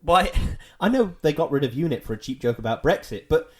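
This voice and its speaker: A man's voice: on the high side, expressive, a little fast, darkish tone. A young man, chatting casually as a podcast co-host, rambling and wry, often trailing off into a mumble. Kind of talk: casual chat.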